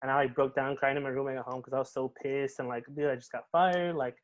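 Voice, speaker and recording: Young guy, podcast guest, rapid and slightly high voice, lots of swearing and slang, dull lo-fi audio. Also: a little hiss or hum. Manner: animated, swears often, says "bro" and "dude". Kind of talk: casual storytelling.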